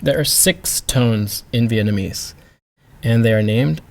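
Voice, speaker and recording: Slow, careful male language teacher. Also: medium pitch, darkish tone. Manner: slow, careful demonstrations of sounds. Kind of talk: pronunciation lesson.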